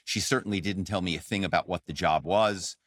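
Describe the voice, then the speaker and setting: A middle-aged man, a guest on an interview show, telling his story in an animated, conversational way with many fillers. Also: low voice, fairly quick, dry recording, studio quality. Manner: animated storyteller, frequent "um" and "you know". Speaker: podcast guest, author and former corporate spy.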